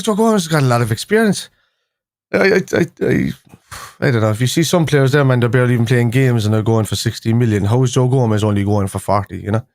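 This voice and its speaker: With a medium-pitched, slightly mellow voice, a young man chats casually with viewers on his fan live stream, rambling along with restarts and fillers. The sound is clean studio audio with no echo.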